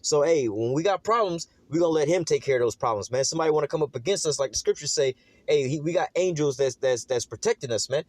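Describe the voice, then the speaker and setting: A man preaching an informal sermon in a casual, streetwise way, slowing down to read scripture aloud. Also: on the high side, animated, a little mellow, no echo. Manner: casual and streetwise, calling listeners "man" and asking "all right?".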